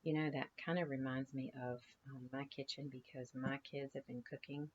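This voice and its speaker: A woman's voice: very deep voice, little pitch movement, moderate pace, muffled recording, slight background noise. A woman teacher reading a novel aloud to her class in a conversational way, stopping to ask her students questions. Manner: conversational, asks students questions between passages.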